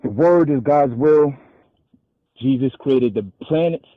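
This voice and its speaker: A man hosting a call-in show, arguing casually and slowing down to quote scripture. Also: medium pitch, no echo. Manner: argumentative, halting, restarts and slows to quote scripture. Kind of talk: casual debate. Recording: husky voice over a tinny phone-like line.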